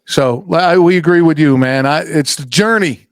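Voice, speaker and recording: A man's voice: fairly high pitch, normal speed, no echo. Swearing storytelling middle-aged man. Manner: swearing, storytelling with acted-out quotes. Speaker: podcast host. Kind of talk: casual chat.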